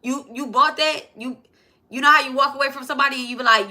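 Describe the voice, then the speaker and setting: Woman, casual spiritual teacher, bright voice, keeps checking in with listeners. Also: high voice, steady tone, fast. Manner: repetitive, asks "okay?" and "right?" often.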